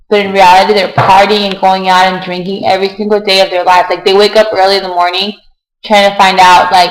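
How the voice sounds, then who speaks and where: A woman's voice: mid-range voice, little pitch movement, fast. A young woman vlogger ranting bluntly and profanely in casual chat. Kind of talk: casual rant. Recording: echoey room.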